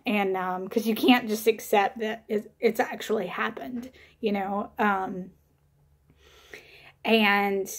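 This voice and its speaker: A young woman chatting to her camera in a casual vlog. Her storytelling is loose and rambling, full of "like" and "you know" and soft laughs. She speaks at an ordinary pitch. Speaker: vlogger.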